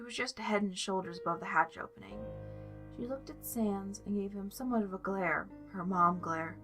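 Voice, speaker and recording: A woman narrating a fan fiction story aloud at a calm, measured pace. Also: mid-range voice. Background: soft music.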